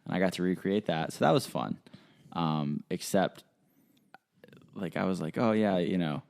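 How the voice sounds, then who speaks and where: Deep-voiced young man telling a story. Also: normal speed, vocal fry. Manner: animated storyteller who acts out quotes in a higher voice. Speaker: podcast host. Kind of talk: casual storytelling chat.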